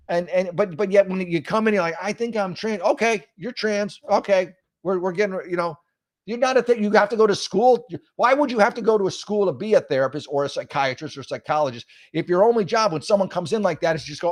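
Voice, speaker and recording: A man's voice: high voice, lively intonation, normal speed, dry recording, studio quality. A man hosting a solo talk show, ranting in a mocking, sarcastic way with frequent restarts and stammers. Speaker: host. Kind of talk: solo political talk show, casual rant.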